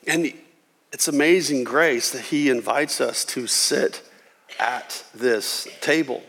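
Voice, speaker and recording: A man preaching a sermon as a pastor, animated, voicing Jesus and God in quoted lines. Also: medium pitch, takes it slowly, gravelly, husky. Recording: reverberant hall.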